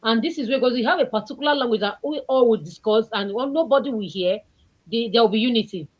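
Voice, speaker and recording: A woman with a Nigerian accent co-hosting a casual panel chat, lively and opinionated. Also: on the high side, quick pace, highs cut off. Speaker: co-host.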